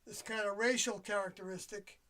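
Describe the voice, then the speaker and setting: With a steady, sharp tone and mid-range pitch, an older host confides in viewers during a rambling solo livestream. The talk is halting, full of trailing phrases and word-searching pauses, and the voice sounds slightly removed from the microphone.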